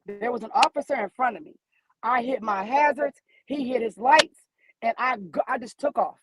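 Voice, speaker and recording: Animated storytelling mother calling in. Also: a little high, moderate pace, background noise. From American Midwest. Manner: animated storyteller who acts out dialogue. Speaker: guest caller, mother. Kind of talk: emotional personal account by phone from her car. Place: in a car.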